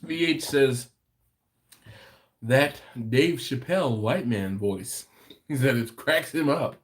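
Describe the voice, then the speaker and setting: A man's voice: mid-range voice, slow pace. A man hosting a late-night live stream from home, chatting casually and reading viewer comments aloud with an easygoing laugh. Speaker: host of a barbecue channel livestream.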